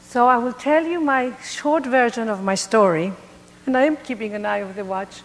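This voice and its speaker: A middle-aged woman from Greece with a Greek accent, telling her life story to an audience in an animated, playful way. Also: on the high side, moderate pace, long reverb tail, slight background noise. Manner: animated, playful, laughs at herself. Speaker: motivational speaker.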